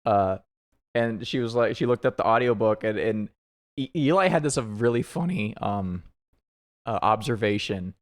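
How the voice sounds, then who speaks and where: A man's voice: lowish voice, animated, normal speed. Chatty guy streaming a game. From United States. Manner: rambling and chatty, with frequent restarts and laughs. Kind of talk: casual chat while playing a game.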